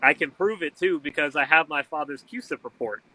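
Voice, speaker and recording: An interview guest, a man with a bright, forceful voice a little higher than most men's, recounting events with animation. He slips into the voices of the people he quotes. The sound is close and dry. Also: brisk, no echo, poor audio. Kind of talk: storytelling in conversation.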